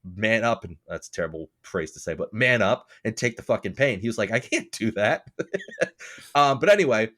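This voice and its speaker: A man's voice: lively intonation, brisk, sharp tone. A man co-hosting a casual podcast, telling a rambling story with lots of swearing and laughter. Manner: acts out other people's lines in a lower voice. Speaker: podcast co-host. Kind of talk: casual chat.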